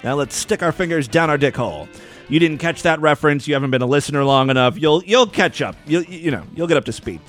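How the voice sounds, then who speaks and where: A man's voice: a little high, quick pace, faint music behind. A man hosting a crude comedy podcast, talking in an irreverent, rambling, sarcastic way. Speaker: podcast host. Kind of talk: crude comedic news and voicemail show.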